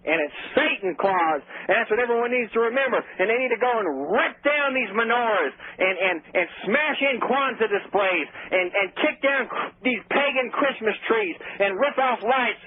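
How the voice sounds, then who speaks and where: Brief: man playing a bombastic zealot caller, high husky voice, tinny phone line. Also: animated, normal speed, few pauses. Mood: preaching. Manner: bombastic, repeats "I'm gonna tell you what". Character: ranting zealot male caller, self-righteous, indignant. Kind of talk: call-in radio rant.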